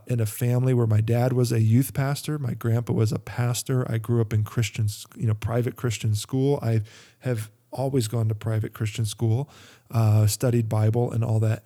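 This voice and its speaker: A man speaks in a relaxed, rambling monologue, stopping often for fillers and self-corrections. His voice is mellow and warm at a middle pitch. He talks like a Christian podcaster chatting to his listeners. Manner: rambling, many fillers and restarts. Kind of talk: casual monologue.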